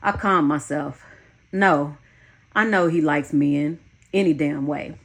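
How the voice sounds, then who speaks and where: Female memoir narrator, lower-pitched, blunt and candid delivery. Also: takes it slowly, gravelly. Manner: frank, blunt, swears freely. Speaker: audiobook narrator. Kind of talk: first-person memoir narration.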